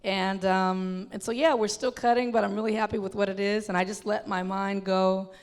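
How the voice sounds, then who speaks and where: A woman filmmaker talking in an animated, chatty way with lots of fillers, in an onstage conversation at a film festival. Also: medium pitch, moderate pace, clear, resonant tone. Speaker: filmmaker guest. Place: film festival venue with an audience. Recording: long hall reverb.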